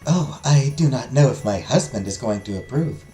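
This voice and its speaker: A reserved, polite young woman, read by a man in a soft, formal, hesitant tone. The voice moves in lively swings. It sounds roomy, with faint music behind. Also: mid-range voice, normal speed, lightly acted. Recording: echoey room, faint music.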